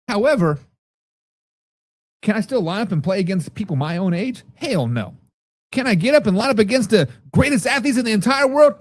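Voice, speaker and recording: Animated profane man talking football. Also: extremely high pitch, moderate pace, no room sound. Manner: loud, animated and profane, reacting to viewers' comments. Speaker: podcast host reading live chat. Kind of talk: casual sports talk.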